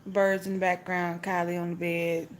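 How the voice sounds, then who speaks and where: A middle-aged woman, chatting casually on a phone livestream from home and greeting each viewer with a high "hey". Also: little pitch movement, normal speed, slight background noise. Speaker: vlogger hosting a phone livestream. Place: at home, indoors. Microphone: phone held at arm's length. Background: pet birds chirping.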